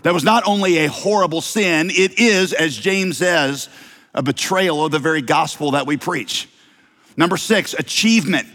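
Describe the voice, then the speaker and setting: Southern guy pastor preaching, kinda high voice, joking around between points, big echoey church sound. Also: fairly bright tone. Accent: slight Southern American. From American South. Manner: conversational preaching with humor and rhetorical questions. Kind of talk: sermon. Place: church sanctuary.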